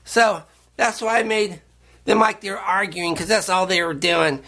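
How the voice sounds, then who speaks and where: A man with a fairly high, very bright voice hosts a deadpan satirical monologue. He meanders through his points, stopping and restarting with odd, earnest conviction. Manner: meandering, halting, offbeat earnest delivery. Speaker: host.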